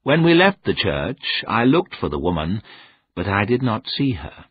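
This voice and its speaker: A man reading a graded-reader novel aloud as scripted narration, in a measured, plain storytelling manner. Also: on the low side, sing-song, slightly rough, no room sound. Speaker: audiobook reader. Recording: narrow phone-like sound.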